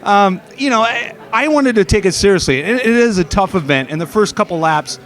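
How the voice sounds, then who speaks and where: A man's voice: high-pitched, animated, fairly quick, fairly bright tone. A middle-aged man in a casual interview, telling stories with many fillers and restarts, recorded outdoors at an expo. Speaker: guest, former steeplechaser.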